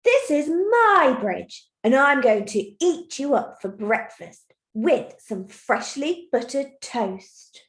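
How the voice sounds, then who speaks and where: A big, furious storybook troll bellows his threats slowly and loudly, as a woman teacher puts him on. The voice stays fairly high, and the room gives it a clear echo. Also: big pitch swings, exaggerated voice. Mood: angry shouting. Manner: loud, slow, menacing. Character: big angry shouting male troll. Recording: roomy echo.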